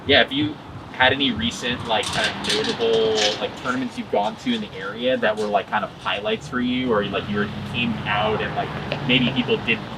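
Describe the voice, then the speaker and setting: A male interviewer asks long, rambling questions with a lively, swooping voice. He sounds set back from the microphone. A noisy air-conditioning hum runs under his speech. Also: medium pitch, brisk, vocal fry, distant mic. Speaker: interviewer, podcast host. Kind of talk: casual interview chat.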